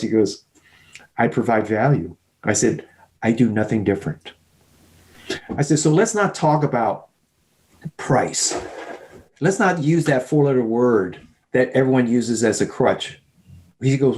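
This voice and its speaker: Podcast guest, man, mid-range voice, acts out dialogue while telling stories. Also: medium pitch. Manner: animated storyteller, acts out both sides of dialogues. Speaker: podcast guest, sales leader. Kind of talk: storytelling in a podcast interview.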